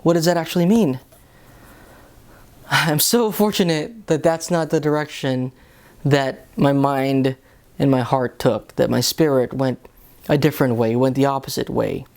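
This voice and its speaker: A man's voice: medium pitch, a little slow, gravelly, darkish tone. Earnest man giving a Bible reflection. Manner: earnest, conversational, with many restarts. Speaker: lay reflection host.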